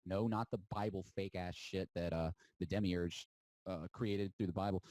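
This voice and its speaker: A low-voiced man holds forth in a defiant, preachy monologue, mocking his listeners and stretching words out for emphasis. The recording is dry and close, with no room around him. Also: steady tone, moderate pace, a little mellow, no room sound, low-quality recording. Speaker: spiritual podcast host. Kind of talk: impassioned monologue.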